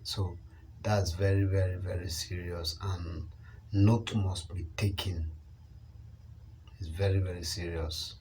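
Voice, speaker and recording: A man's voice: sits low, little pitch movement, slow pace, long pauses, darkish tone, slight background noise, poor audio. A man commenting on a news story, emphatic and repeating phrases for stress. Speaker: online channel commentator.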